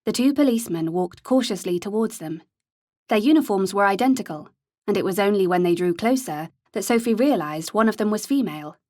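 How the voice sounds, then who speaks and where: With a medium-pitched voice, a woman reads a scripted audiobook in a calm, even storytelling manner. The sound is clean studio audio without any room sound.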